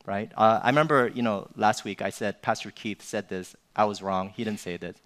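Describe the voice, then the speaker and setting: A man's voice: lowish voice, brisk, fairly bright tone. Conversational male pastor preaching a sermon. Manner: conversational, filler-heavy with "you know" and "right?".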